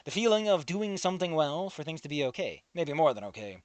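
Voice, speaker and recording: A man's voice: a little high, very animated, brisk, dry recording. A man reading a first-person fan story aloud in a casual, wry, sometimes profane way, close to the mic. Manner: casual, wry narration with swearing. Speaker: story reader.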